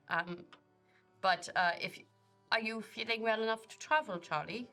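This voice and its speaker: Woman player, bright and lively voice, chatty, faint music behind. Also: medium pitch, a little slow, long pauses. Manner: animated and giggly. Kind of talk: casual tabletop game chat.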